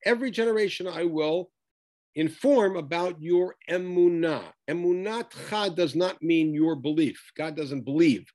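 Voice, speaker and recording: A man's voice: fairly high pitch, measured pace, darkish tone. A man teaching a Bible text study, reading Hebrew verses aloud and then explaining them with emphasis.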